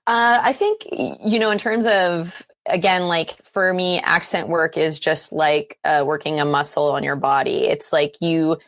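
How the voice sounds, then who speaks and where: A woman from Canada, chatting as an interview guest, full of fillers and quick laughs. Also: low-pitched, fairly even intonation, no room sound. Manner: chatty, many fillers and restarts, laughs easily. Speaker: guest actor and filmmaker. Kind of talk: casual interview chat.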